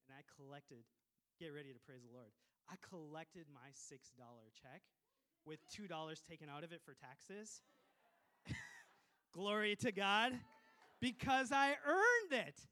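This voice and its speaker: A pastor from Minnesota preaching a sermon, lively and joking, with quick asides to the congregation. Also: male voice, on the high side. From Minnesota, USA.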